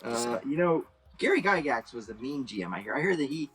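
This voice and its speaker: A man's voice: sing-song, brisk, husky, soft background music, poor audio. A man narrating and running a tabletop role-playing game as game master, talking loosely with many fillers. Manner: rambling with many fillers, bursts into high shouted character voices.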